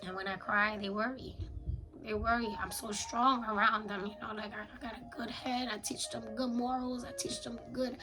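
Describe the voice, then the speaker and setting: A woman's voice: fairly high pitch, steady tone, normal speed, music in the background, low-quality recording. A woman in her thirties speaking in a candid confessional journal, weary and blunt, swearing often. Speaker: mother journaling on camera.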